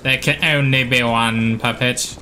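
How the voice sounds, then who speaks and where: A man voicing a grandiose villainous male puppet, proclaiming slowly and theatrically. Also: medium pitch, fairly even intonation, pushed and bright, a little hiss or hum. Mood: mock ominous. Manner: slow, ominous, theatrical proclamation.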